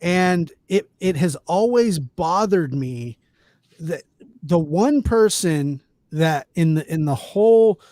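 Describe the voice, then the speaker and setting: Man, podcast host, halting, indignant, slow, dry close sound. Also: fairly high pitch, lively intonation, dark tone, no room sound. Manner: indignant, halting, many restarts. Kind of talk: casual chat.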